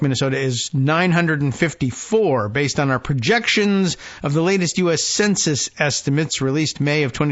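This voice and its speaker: A male podcast host reads news items aloud and keeps breaking off into dry, wry asides. His voice sits at a middling pitch. The audio is a bit dull and lo-fi. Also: a bit bright. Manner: dry, wry asides, trails off with "I don't know". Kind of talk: casual political talk, reading news aloud.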